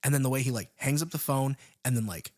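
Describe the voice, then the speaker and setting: A man's voice: medium pitch, fast talker, darkish tone. A man co-hosting a horror film podcast, recapping scenes in casual talk with many fillers. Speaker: podcast co-host.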